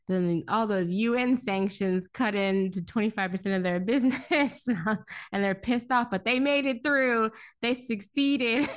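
Animated, laughing woman recapping a film. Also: fairly high pitch. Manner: animated, laughs often, swears casually. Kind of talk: casual chat recapping a film.

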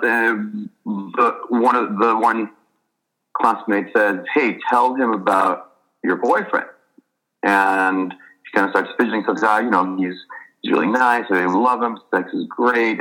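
A man, an author trained as a physician, talking thoughtfully in an interview and telling a story in a measured way. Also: low-pitched, bright, forceful tone, low-quality recording. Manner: thoughtful, measured, with fillers and restarts.

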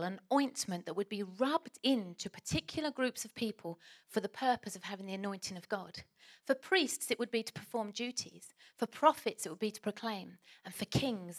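Chatty woman preaching. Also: fairly high pitch. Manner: chatty, self-deprecating storytelling. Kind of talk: sermon with personal story.

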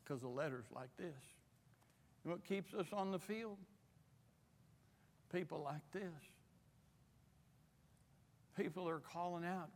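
A man preaching a missionary sermon, impassioned and rising to shouts, in a church. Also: fairly high pitch, slow pace, pauses often. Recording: long hall reverb.

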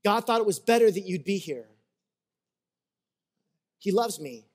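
Animated man preaching a conversational sermon. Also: high voice, a little slow. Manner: animated storyteller, acts out little scenes; conversational, checks in with listeners. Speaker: pastor.

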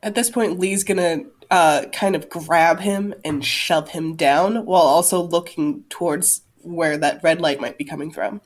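A woman describing her character's actions in a tabletop game, slow and hesitant. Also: lowish voice, fairly even intonation. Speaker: player.

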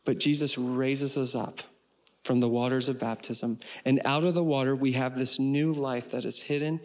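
A man pastor preaching a sermon in an earnest way, slowing down on key phrases and closing with a prayer. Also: mid-range voice, fairly even intonation. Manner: earnest, slows for emphasis and ends with prayer.

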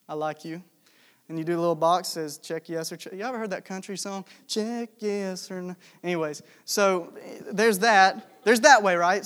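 A young man preaching a sermon in a relaxed, storytelling way, chatty and joking with lots of fillers. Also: sits high. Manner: conversational, jokey, with many fillers.

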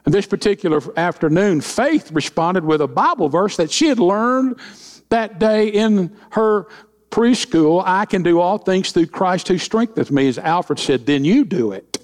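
A man's voice: high-pitched, lively intonation, unhurried. A middle-aged man preaching as senior pastor, in a folksy way with joking asides and acted-out quotes. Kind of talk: sermon with humorous stories.

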